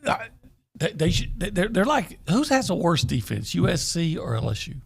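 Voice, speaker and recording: A man's voice: high-pitched, moderate pace, vocal fry, breathy edge. A man co-hosting a casual sports talk radio show, rambling through his game picks with lots of restarts. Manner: rambling, restarts mid-thought, animated.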